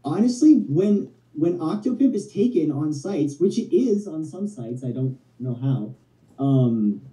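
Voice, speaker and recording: A man phoning in to a live show, talking in a halting, rambling, friendly way. His tone is very dark and mellow. The call comes through echoey and distant. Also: a little high, big pitch swings. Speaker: phone-in guest. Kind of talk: casual chat. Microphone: phone. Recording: echoey phone call from far off.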